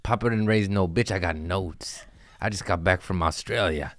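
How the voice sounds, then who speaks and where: A man's voice: low voice, normal speed, dry recording. A man hosting a comedy podcast, rambling through crude, jokey stories in a casual monologue.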